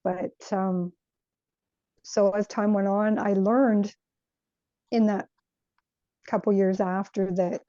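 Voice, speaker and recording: Woman telling her spiritual story, earnest and thoughtful, warm mellow voice, kinda dull lo-fi sound. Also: mid-range voice, little pitch movement, slow pace, long pauses, no echo. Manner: earnest, reflective, searching for words. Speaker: guest sharing a spiritual experience. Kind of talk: personal storytelling.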